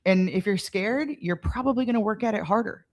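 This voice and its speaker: A woman's voice: mid-range voice, brisk, a little mellow. A woman entrepreneur chatting on a talk show, telling stories with many fillers and restarts. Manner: rambling storyteller with many fillers. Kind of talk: casual chat.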